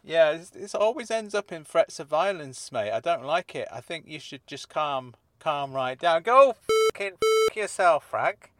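A man hosting a comedy podcast, talking in a mild, calm, deadpan way with hesitant fillers. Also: a little high, moderate pace, few pauses.

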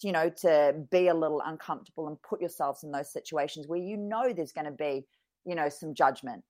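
A woman with a notably low voice talks frankly in a casual podcast chat. She is earnest and drops the odd swear word without fuss. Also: a little fast, a little mellow.

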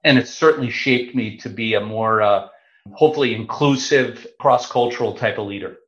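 A man in his fifties telling a story in an animated, chatty way, with fillers along the way. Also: medium pitch, normal speed. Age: 50s. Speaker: guest. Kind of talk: casual storytelling. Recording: roomy, slightly dull sound.

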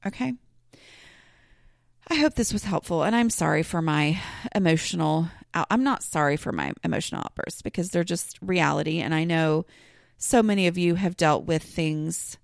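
A woman's voice: on the low side, moderate pace, creaky, dry recording, clean studio sound. A woman hosting her own podcast, talking casually and rambling, with many fillers and restarts. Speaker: podcast host. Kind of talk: casual solo podcast talk.

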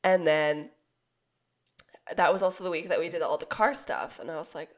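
A young woman co-hosting a podcast, hoarse and raspy from being sick, telling a rambling story with laughs. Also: sits low, steady tone, moderate pace. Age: young adult. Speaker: podcast co-host. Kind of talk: casual chat.

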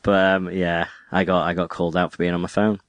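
Low-voiced man in relaxed rambling chat. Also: brisk, no room sound, highs cut off. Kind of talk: casual chat.

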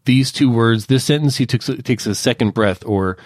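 A man working as an associate producer, calmly walking through his podcast editing process step by step in a casual chat. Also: medium pitch, moderate pace, no room sound, studio quality. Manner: detailed, methodical step-by-step explaining.

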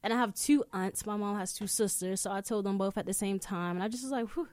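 Profane, animated woman podcast host. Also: medium pitch, quick pace. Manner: profane, animated, swears freely. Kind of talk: casual storytelling chat. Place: indoor room.

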